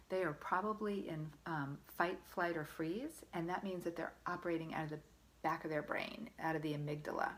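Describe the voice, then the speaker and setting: A woman parenting coach giving earnest, encouraging advice straight to the listener, often checking in with them. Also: mid-range voice. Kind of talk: direct-to-camera parenting advice.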